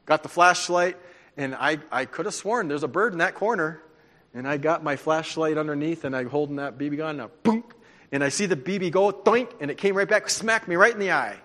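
A man preaching a sermon, telling stories in an animated, conversational way. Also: a little high, a little fast. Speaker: pastor. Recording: long hall reverb.

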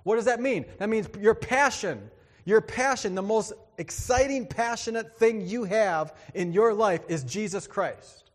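A man's voice: sits high, unhurried, long reverb tail. A male pastor preaching a sermon in a church, in a conversational way with joking asides to the congregation.

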